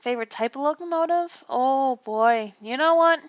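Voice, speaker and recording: A woman's voice: high-pitched, normal speed, dry recording. A woman from Canada chatting casually on a livestream, rambling and self-deprecating and often laughing. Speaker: streamer. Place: home room. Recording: muffled lo-fi mic.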